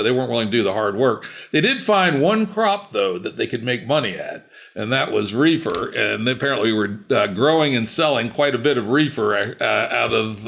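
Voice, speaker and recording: A man's voice: medium pitch, vocal fry, a bit bright. An older man hosting a podcast interview, chatting casually with wry asides. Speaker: podcast host.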